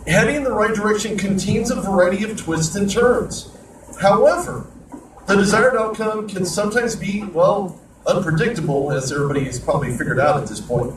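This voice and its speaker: A man hosting a sports talk radio show, rambling in an animated way between topics. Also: high-pitched, reverberant, recorded from a distance, slight background noise, poor audio. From Southern California. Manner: rambling, animated host patter.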